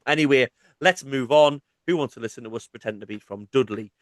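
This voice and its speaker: A man in his thirties with a Mackem accent chats loosely as co-host of a gaming podcast. He is teasing and jokey, at a middling pitch. The sound is dry and close, with no room echo. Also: fairly quick. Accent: Mackem (Sunderland). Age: 30s. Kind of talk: casual gaming podcast chat.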